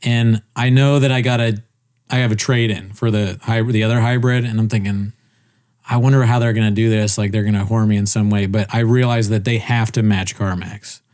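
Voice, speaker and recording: A man on a casual podcast telling a story with animated, swearing delivery, laughing often and acting out the people he quotes. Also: on the low side, a little fast. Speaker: podcast co-host. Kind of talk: casual chat.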